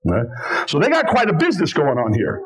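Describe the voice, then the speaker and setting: A man, a pastor, preaching a sermon in church, repeating phrases for weight and dropping low and slow on key words. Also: wildly swooping pitch, husky, rough recording.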